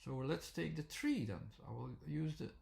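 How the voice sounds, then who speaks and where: A man explaining a method, speaking haltingly with many pauses and restarts. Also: a little high, sing-song, gravelly, a little mellow. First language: Dutch. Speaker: teacher. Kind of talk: unscripted explanatory talk.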